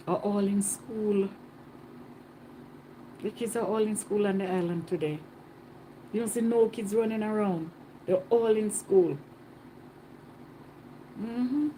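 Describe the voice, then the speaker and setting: A woman chatting casually in a travel vlog, animated and repeating herself for emphasis, recorded on a phone outdoors. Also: mid-range voice, slight background noise. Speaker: travel vlogger. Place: outdoors on a Caribbean island.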